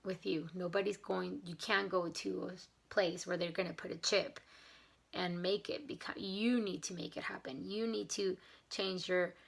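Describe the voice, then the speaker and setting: A woman's voice: fairly low pitch, steady tone, unhurried, vocal fry, slightly rough. A woman vlogging in a casual, earnest chat to camera, grateful and a little emotional as she talks. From not from Canada. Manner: enthusiastic about mindset and gratitude.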